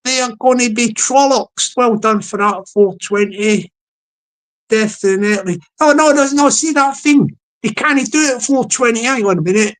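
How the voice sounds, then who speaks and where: A woman's voice: a little high, moderate pace. A woman hosting a casual livestream, rambling and repeating herself as she chuckles and talks to her chat viewers. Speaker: livestream host.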